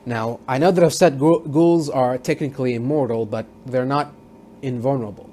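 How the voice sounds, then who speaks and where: A man's voice: mid-range voice, normal speed, dark tone, slight background noise. A man casually recapping a TV episode as a reviewer, rambling with many fillers and restarts. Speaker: TV show reviewer.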